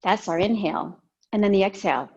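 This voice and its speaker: A woman teaching a yoga and breathing class, giving calm, gentle cues with soft pauses. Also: medium pitch, slightly rough, dull audio. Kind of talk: guided yoga and breathing instruction.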